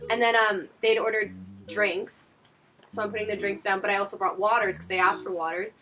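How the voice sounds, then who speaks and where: A young woman hosting a casual chat outdoors, telling animated restaurant stories and swearing freely. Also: mid-range voice, brisk. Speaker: podcast host, restaurant server. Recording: background music. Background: music.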